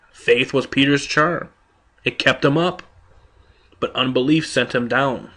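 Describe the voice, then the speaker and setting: Male preacher, middle pitch, emphatic rhetorical sermon delivery. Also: a bit bright. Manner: emphatic, rhetorical, with quoted voices. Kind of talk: sermon reading.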